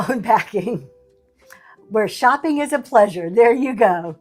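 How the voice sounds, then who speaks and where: Brief: sassy, chatty woman host, a bit high-pitched, with light music playing underneath. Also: expressive, slow, a little mellow. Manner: chatty, sassy, laughing asides. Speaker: livestream seller host. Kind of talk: casual chat.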